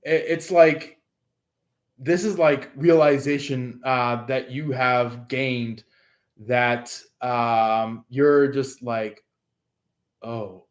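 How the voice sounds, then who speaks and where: Slow, rambling male tarot reader. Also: mid-range voice, fairly even intonation. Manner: rambling, hesitant, many fillers and restarts. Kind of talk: casual astrology reading to viewers.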